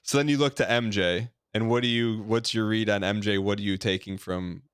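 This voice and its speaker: A man's voice: lowish voice, steady tone, fairly quick, a bit bright, clean tone, no echo, clean studio sound. A man hosting a podcast, asking the guest rambling, probing questions with many fillers. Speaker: podcast host. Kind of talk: casual interview.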